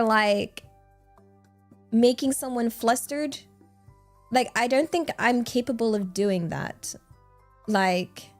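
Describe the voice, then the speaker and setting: A young woman from England, streaming casual chat and telling a rambling story full of fillers and laughs. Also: fairly high pitch.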